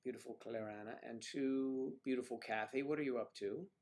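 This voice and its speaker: A man hosts a casual livestream and chats easily with the viewers watching. He greets them one by one by name and wanders from topic to topic. His voice sits at an ordinary middle pitch for a man. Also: fairly quick, a little mellow. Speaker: livestream host.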